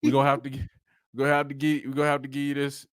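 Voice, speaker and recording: A man hosts a casual sports talk show, talking animatedly and tacking "man" onto his lines. His voice sits at a middling pitch. The sound is dry and close, with no room echo. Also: smooth. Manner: animated, repeats "man" often, drawn-out emphasis.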